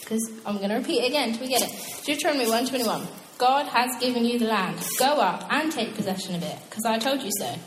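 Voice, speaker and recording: A young woman preaching a casual, animated sermon, chatty and quick to laugh at her own asides. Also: a little high, slight background noise. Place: church hall. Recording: echoey hall with long reverb.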